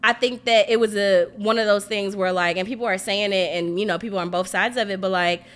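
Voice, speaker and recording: Frank, animated woman podcast host. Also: mid-range voice, fairly quick. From family roots in Mississippi and Louisiana. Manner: animated, frank, swears freely, many "like" fillers. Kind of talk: casual podcast chat.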